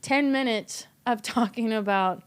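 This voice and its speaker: A woman's voice: a little high, measured pace, clear, resonant tone. A woman from Kentucky with a Southern accent, a comedian chatting candidly on a podcast, laughing through her stories and swearing casually. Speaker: comedian guest.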